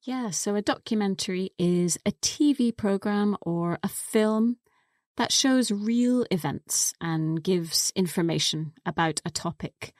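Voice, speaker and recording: A woman co-hosting an English lesson podcast, patiently explaining words step by step in a clear teaching manner. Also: medium pitch, measured pace, a little mellow, dry recording, studio quality.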